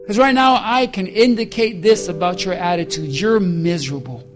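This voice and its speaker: A pastor with a strikingly high-pitched voice preaches his sermon. His delivery swings from loud emphatic calls down to quiet, hushed lines. Soft music plays faintly underneath. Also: normal speed.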